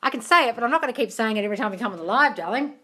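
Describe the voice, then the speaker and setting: Streaming live on her phone from home, a woman reads and answers viewer comments in a chatty, blunt way, swearing and calling people darling as she wanders into the kitchen. Her voice is on the high side, expressive, bright and pushed, and she talks at a racing clip.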